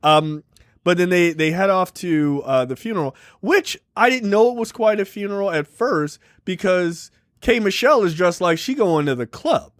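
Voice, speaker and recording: A man's voice: high-pitched, animated, normal speed, no echo, studio quality. A man co-hosting a movie review podcast, recapping the plot casually with lots of fillers and joking asides. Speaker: podcast co-host.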